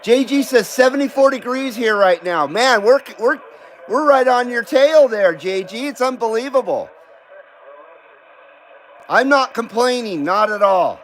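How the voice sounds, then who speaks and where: A man's voice: very high voice, animated, measured pace, a bit bright, slight background noise, poor audio. A man hosting a live radio-hobby stream, chatting casually and swearing freely as he greets viewers by name. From Southern California. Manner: laid-back, profane, greets viewers by name. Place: home in Carson City.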